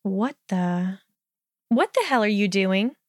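A sharp young witch who answers crisply and haughtily, as a woman voices her in a reading. The sound is smooth and dry, right up on the mic. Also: medium pitch, moderate pace, no room sound, close to an everyday voice.

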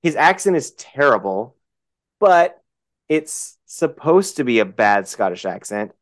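A man's voice: medium pitch, sing-song, measured pace. A man co-hosting a podcast, chatting about a film and asking questions as he thinks aloud. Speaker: podcast co-host. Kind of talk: casual film discussion.

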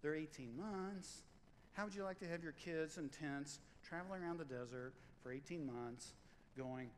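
A middle-aged man preaching a sermon as pastor, lively and joking, repeating lines for emphasis. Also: fairly high pitch, normal speed. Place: church sanctuary. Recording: long hall reverb, faint room noise.

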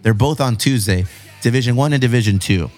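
A man's voice: mid-range voice, fairly quick, faint music behind. Laid-back Southern Californian man chatting. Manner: laid-back, profane, rambling with restarts. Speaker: podcast host. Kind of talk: casual podcast chat answering listener questions.

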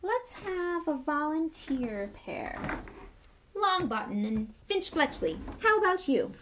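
A woman puts on a vain, flamboyant male wizard teacher from a storybook, his voice pitched high and loud. He fusses and shows off with bright, bouncy delivery. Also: big pitch swings, takes it slowly, a little hiss or hum, heavily acted. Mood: fussy.

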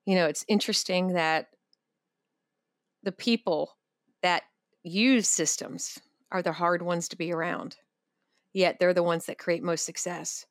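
A woman's voice: fairly low pitch, steady tone, unhurried, pauses often, no room sound, clean studio sound. A woman co-hosting a casual podcast, talking candidly and bluntly, with some casual swearing.

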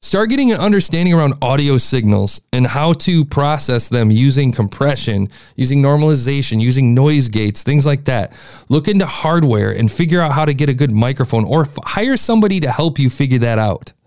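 A man's voice: mid-range voice, expressive, fairly quick, a little mellow, clean tone, no echo, studio quality. A man hosting a podcast, giving a blunt, exasperated critique of a listener's show. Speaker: podcast host reviewing listener shows.

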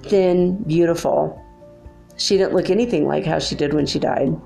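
Gravelly, mellow-voiced woman telling a story. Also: sits low, normal speed, faint music behind. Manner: rambling, chatty, many fillers. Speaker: spiritual video host. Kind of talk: casual storytelling monologue.

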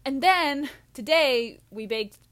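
Young woman vlogger, scatterbrained and self-mocking, slow unhurried delivery, bright voice with a lively swooping pitch. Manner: scattered, goofy, self-mocking with sudden loud outbursts. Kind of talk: rambling casual monologue.

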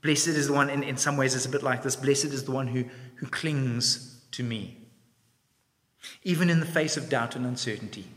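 A man with a medium-pitched voice preaches a sermon at a moderate pace, telling the story expressively, acting out voices and asking reflective questions. The recording carries long reverb from a large hall.

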